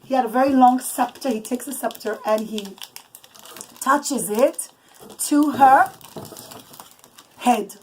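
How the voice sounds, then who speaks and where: A woman telling a bedtime story to children with puppets, pausing now and then to settle the kids. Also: sits high, slight background noise, low-quality recording.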